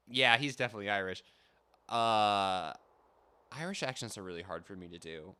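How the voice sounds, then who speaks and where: Joking, bright-voiced man streaming a game. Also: on the low side, animated, normal speed, clear, resonant tone. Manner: joking, swears casually. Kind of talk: casual let's-play commentary.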